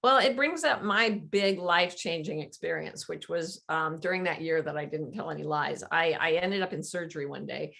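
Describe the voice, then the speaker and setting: A woman's voice: low-pitched, normal speed, creaky, few pauses, fairly bright tone. A middle-aged woman, a guest author, earnestly telling a personal story in conversation, acting out quoted dialogue.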